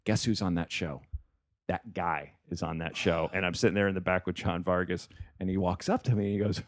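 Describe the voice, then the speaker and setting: Male comic, lower register, lively storyteller who acts out every quote. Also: a little fast. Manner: animated storyteller, swears freely, acts out quotes. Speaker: comedian podcast host. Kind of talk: casual storytelling chat.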